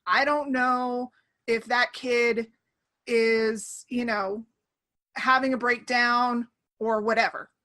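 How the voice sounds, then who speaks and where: Woman host, high and bright voice, animated casual chat, laughs often, acts out quotes. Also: slow pace. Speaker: podcast host. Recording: online call.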